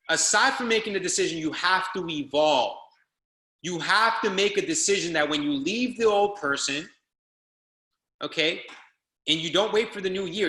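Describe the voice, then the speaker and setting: A business trainer gives a fired-up motivational speech to a group call, exhorting listeners and hammering the same phrases repeatedly. His high-pitched voice is pushed and bright, with a roomy sound.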